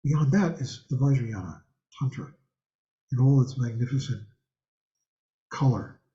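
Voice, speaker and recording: A man's voice: mid-range voice, measured pace, warm tone. An older man teaching an online Buddhist class from his home over a video call, talking in a rambling, conversational way and asking the class questions. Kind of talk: online dharma class talk. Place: home room with a hanging thangka. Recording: roomy, slightly dull video-call audio.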